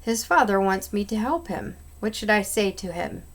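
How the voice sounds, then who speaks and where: A woman's voice: medium pitch, expressive, moderate pace. A woman reading aloud, voicing a big, friendly male cowboy rancher in a hearty, plain-spoken way.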